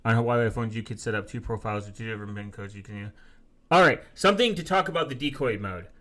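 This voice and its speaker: A man live-streaming in a casual, profane rant, reading viewer comments aloud and quickly flaring up as he rebuts them. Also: lowish voice, a bit bright. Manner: profane, quick to flare up angrily. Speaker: live streamer answering chat.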